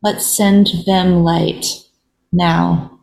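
A woman hosting a show, thanking a guest and leading a quiet guided reflection in a soft, measured way. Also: lowish voice, flat delivery, vocal fry, rough recording. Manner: soft, measured, with drawn-out pauses. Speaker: podcast host.

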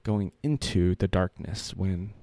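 A man's voice: sits low, slow, dark tone, no room sound. A man in his thirties telling a personal story in a casual, earnest way, rambling with many fillers and restarts.

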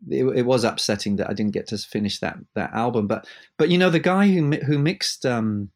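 Man musician rambling thru studio stories, lots of restarts, animated, ordinary mid voice. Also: medium pitch. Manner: halting, many restarts, animated storyteller. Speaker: musician guest. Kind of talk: casual interview chat.

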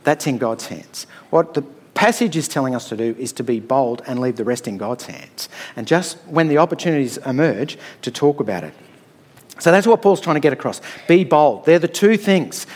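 A man's voice: a little high, animated, normal speed, darkish tone. A middle-aged man preaching a sermon in a conversational, storytelling way, often checking in with "all right?".

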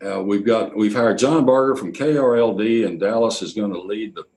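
An older man, a radio executive telling anecdotes in an interview, quoting others in lively bursts. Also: on the low side, normal speed, rough recording. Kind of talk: storytelling interview.

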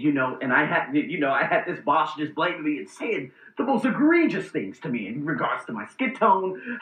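A man hosting a casual vlog, telling personal stories in a blunt, profane, animated way. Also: medium pitch, roomy sound, highs cut off. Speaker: host.

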